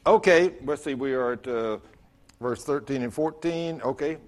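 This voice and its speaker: A middle-aged man preaching a sermon as pastor, telling stories with self-mocking humor and rising to loud emphatic bursts. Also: mid-range voice, moderate pace.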